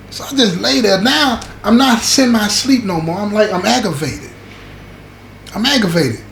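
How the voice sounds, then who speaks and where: Male storyteller, fairly high voice, animated and slangy, keeps asking if you follow him; roomy echo. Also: normal speed. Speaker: show host recounting prison stories. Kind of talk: casual storytelling to viewers. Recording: echoey room with faint background noise.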